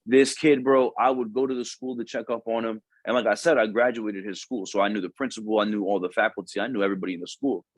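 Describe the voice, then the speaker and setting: A man's voice: fairly low pitch, steady tone, fast talker, hardly any pauses, dry recording. A young adult man, a Marine recruiter, telling a story in a casual podcast chat, slangy and profane, and acting out the voices of the people he quotes.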